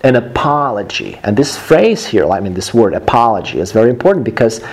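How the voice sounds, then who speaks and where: A man teaching English pronunciation, repeating phrases slowly for students to copy. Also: lowish voice, sing-song, darkish tone, slightly rough. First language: Russian. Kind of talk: slow drilling pronunciation lesson.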